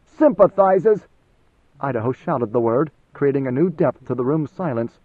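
A man reading a novel as audiobook narrator, in measured, even storytelling. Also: mid-range voice, slightly rough, no room sound. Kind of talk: scripted narration. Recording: tinny phone-like band, dry.

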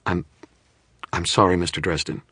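A man's voice: low voice, level tone, moderate pace, bright, forceful tone, breathy edge, dry recording, voice pushed up, heavily acted. A man reading aloud and voicing a frightened, grieving mother who pleads in a strained voice close to tears. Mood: fearful. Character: frightened, grieving mother, a woman in her thirties.

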